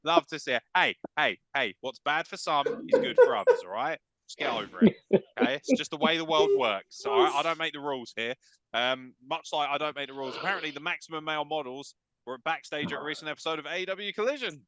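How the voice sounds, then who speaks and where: A man's voice: a little high, lively intonation, fast talker, a loud crowd. A British man hosting a podcast, ranting in a crude, mocking way with constant swearing and bursts of laughter. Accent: British English. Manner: profane, mocking, breaks into laughter. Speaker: podcast host. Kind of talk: crude comedic rant.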